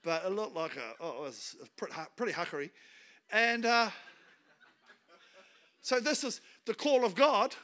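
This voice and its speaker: Animated, bright-voiced New Zealand preacher man. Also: high-pitched, unhurried, pauses often. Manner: humorous, animated, laughs at his own jokes. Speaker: guest speaker pastor. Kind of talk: storytelling sermon.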